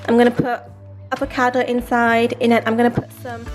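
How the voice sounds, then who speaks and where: A woman's voice: fairly high pitch, fairly quick, soft background music. A woman cooking in her home kitchen, chatting casually to the camera as she goes. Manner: chatty, relaxed, often says um and like. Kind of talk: casual chat.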